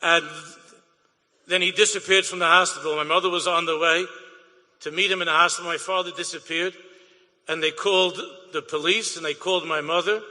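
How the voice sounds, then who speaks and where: A man's voice: high voice, pushed and bright, in a large hall. A man, a rabbi, tells an emotional story to an audience, dropping Yiddish and Hebrew words and repeating his phrases.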